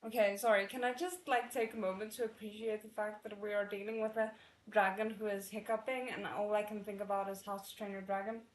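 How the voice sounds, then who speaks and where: A woman reading a novel aloud in a readalong, excitable and stopping to react with chatty asides. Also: medium pitch, a little fast, roomy sound, rough recording. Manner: excitable, breaks off to react and comment.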